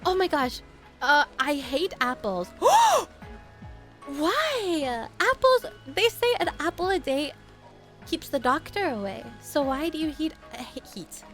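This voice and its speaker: Very animated yet a little slow, a young woman chats on a live stream in a high, light voice, hopping from tangent to tangent with frequent laughter. She pauses her stories to say hello to viewers by name while soft music plays in the background.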